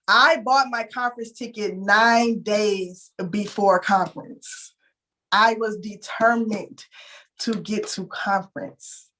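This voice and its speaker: A woman's voice: mid-range voice, steady tone, takes it slowly, sharp tone. A young adult woman from Houston, telling her story candidly and with emotion in a casual interview. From Houston, Texas. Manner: emotional, candid, addresses listeners as "y'all".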